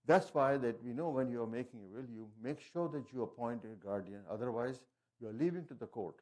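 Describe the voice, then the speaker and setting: A man's voice: mid-range voice, darkish tone. A man giving a presentation on wills and estate planning, talking through his slides with frequent restarts and fillers. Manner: halting, frequent restarts and fillers, non-native phrasing. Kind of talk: informal presentation talk.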